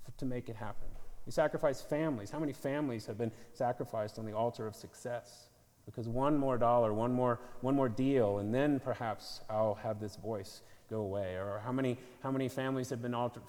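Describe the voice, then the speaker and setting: Preacher man, booming hall. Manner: earnest, building to emphatic peaks, self-correcting asides. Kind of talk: sermon. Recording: long hall reverb.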